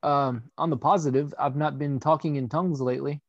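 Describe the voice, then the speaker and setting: A man's voice: fairly high pitch, fairly even intonation, brisk, no echo. A man in casual chat, cracking crude, offbeat jokes. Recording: dry, dull lo-fi recording.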